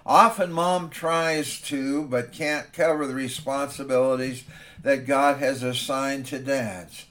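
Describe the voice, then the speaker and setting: A man's voice: mid-range voice, fairly even intonation, slow, a bit bright. A man, a father himself, preaching a sermon in a conversational storytelling manner.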